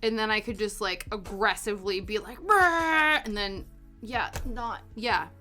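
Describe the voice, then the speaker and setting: A young woman chatting casually while she crafts on a stream, self-deprecating and quick to laugh, with soft music playing behind her. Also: medium pitch, fairly even intonation. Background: soft background music.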